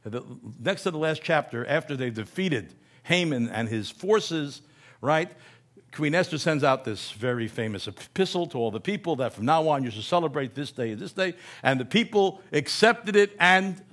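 A man's voice: a little high, a bit bright. A man giving a humorous lecture in a conversational way, often asking "right?" and correcting himself mid-word.

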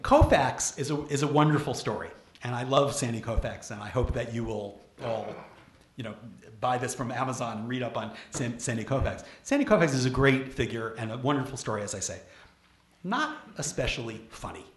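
A man from Brooklyn giving a public lecture, animated and full of restarts and questions to the audience. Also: medium pitch, fairly quick. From Brooklyn, New York. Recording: echoey lecture room.

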